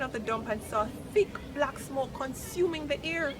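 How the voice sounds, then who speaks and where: A woman reading a children's chapter book aloud, lively and expressive. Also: high-pitched, normal speed, few pauses, a loud crowd, very noisy. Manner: expressive, lifts voice for quoted lines. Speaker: storybook reader. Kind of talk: read-aloud children's story narration.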